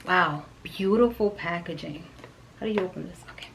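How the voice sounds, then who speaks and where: A woman reviewing perfume in a vlog, gushing and excitable, with soft whispered asides. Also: fairly low pitch, normal speed, vocal fry, a little hiss or hum, low-quality recording. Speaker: fragrance reviewer.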